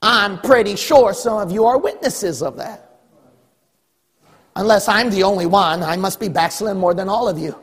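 A man's voice: high voice, normal speed, husky, long reverb tail. A man preaching a sermon as pastor, emphatic, full of rhetorical questions and acted-out quotes.

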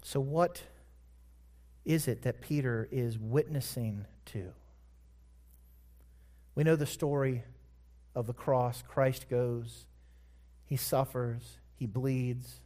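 A man preaching a sermon, retelling a scripture story with emphatic, drawn-out words. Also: mid-range voice, steady tone, mellow.

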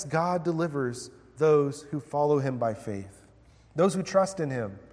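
A man's voice: on the high side, a little mellow, long reverb tail. A man preaching a sermon, reading scripture aloud with dramatic emphasis and then explaining it in plain words. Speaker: pastor.

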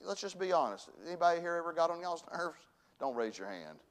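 Folksy pastor with a slightly high voice. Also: male voice, sing-song, fast. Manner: folksy preacher, swings from hushed to loud bursts. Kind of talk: sermon. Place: church sanctuary.

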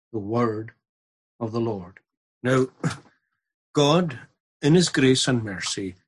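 Male preacher, husky timbre, earnest and emphatic. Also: medium pitch. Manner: earnest, building to emphatic repetition. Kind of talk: sermon.

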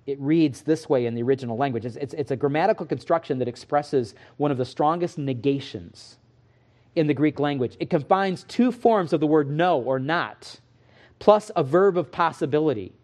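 A man's voice: a little high, moderate pace, darkish tone. A man pastor giving an expository sermon, earnest and emphatic.

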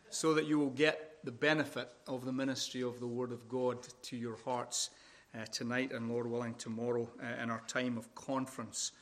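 A middle-aged Scottish pastor from Scotland preaching a sermon at a women's conference, speaking deliberately and with good humor. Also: male voice, medium pitch. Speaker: visiting pastor.

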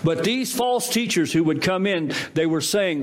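A man preaching a sermon, telling a story in an animated way with quoted voices. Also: high voice, moderate pace. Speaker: pastor.

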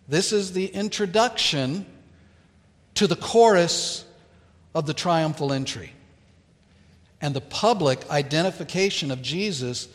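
Slow, dramatic preacher in a reverberant hall. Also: male voice, a little high. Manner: slow, deliberate storytelling delivery with dramatic pauses. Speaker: pastor. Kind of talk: sermon.

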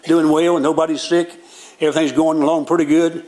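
A man's voice: on the high side, little pitch movement, a little fast, a little mellow. An older man preaches a sermon from the pulpit. He tells stories in a plain, folksy manner with country grammar, the way a pastor talks to his own congregation.

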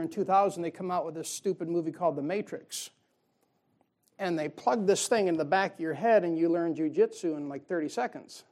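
A man's voice: high voice, darkish tone. Folksy, joking male preacher. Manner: folksy, jokey preaching with call-and-response "amen". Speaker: pastor. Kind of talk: sermon.

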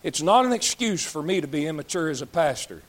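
A man in his 30s, acting as pastor, preaches a fiery, down-to-earth sermon full of scolding and joking aimed at his congregation. His fairly high voice has a sing-song lilt and moves a little fast.

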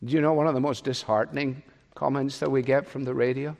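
A male preacher delivering a sermon at a middle pitch. He is emphatic, climbing loud on key phrases before sinking soft. His voice rings out with the long reverb of a large hall. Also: steady tone, fast talker, vocal fry. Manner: emphatic, swinging between loud rises and soft drops. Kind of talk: expository sermon.

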